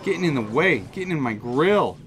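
A man giving excited, jokey running commentary on his own mobile game, talking straight to his viewers. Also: fairly high pitch, fairly quick, music in the background. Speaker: gaming channel host. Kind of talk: live gameplay commentary.

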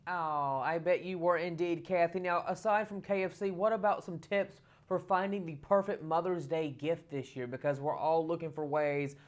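A woman's voice: fairly low pitch, fairly even intonation, moderate pace, hardly any pauses. A woman hosting an entertainment show interview, chatty and playful with her guest. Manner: chatty, playful, laughs easily. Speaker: show host.

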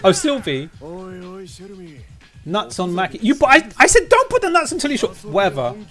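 A man streaming a fighting game in loose, casual chatter, his voice swinging widely in pitch as he bursts into yelling at the screen. Faint music plays behind him. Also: moderate pace. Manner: excitable, yells and swears at the game.

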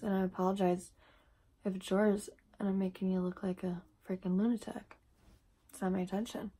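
A woman's voice: medium pitch, warm tone, slightly rough. A woman vlogger chatting casually through a makeup tutorial, rambling with self-deprecating asides, filmed at home on a tripod camera.

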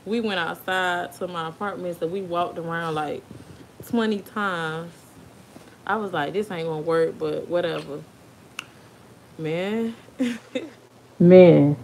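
Her voice is lowish and a little mellow as this young woman, speaking with an African American Vernacular English accent, chats through her birth story. She laughs often and addresses kids off camera, and there's slight hiss or hum behind her.

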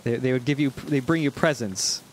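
A man's voice: mid-range voice, a little fast, slight background noise. Playful man riffing over a game. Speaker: let's play commentator. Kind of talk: casual gaming commentary.

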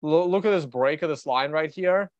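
A man's voice: a little high, moderate pace, no echo. Blunt rambling man, dry dull recording. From Russia. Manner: rambling, thinking aloud, blunt, restarts often. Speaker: trader and show host. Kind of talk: casual livestream market commentary.

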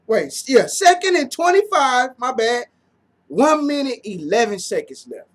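A man talks through a football game as a fan, unhurried in pace but bursting into shouts. He leans on slang and says the same lines over and over. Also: extremely high pitch. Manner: animated, slangy, repeats himself, shouts often. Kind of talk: excited play-by-play fan commentary.

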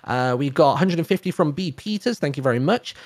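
A man reading out a long list of donor names on a charity stream, brisk with many fillers. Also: on the high side, lively intonation, no echo. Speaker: donation reader on a charity stream.

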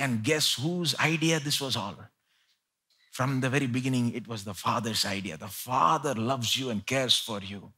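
Delivering a live sermon in church, a pastor with an Indian English accent alternates between quiet, low asides and loud, emphatic high points. He speaks at a moderate pace, and his voice has a breathy edge.

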